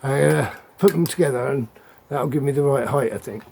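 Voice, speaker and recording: A man's voice: mid-range voice, fairly quick, creaky, background noise. A middle-aged man chatting casually as he demonstrates his gear, rambling with joking asides. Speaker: off-grid living vlogger.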